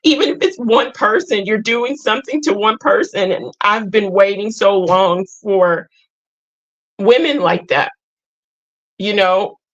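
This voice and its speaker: A woman hosting a live group talk, sharing her own story in a halting, emotional way and often repeating or restarting her words. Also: mid-range voice, highs cut off. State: tearful at times. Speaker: host.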